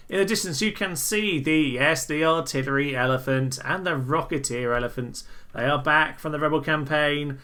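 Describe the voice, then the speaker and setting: A man giving casual, amused commentary over a strategy game, chatty and full of quick asides. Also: on the high side, sharp tone. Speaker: gaming channel host.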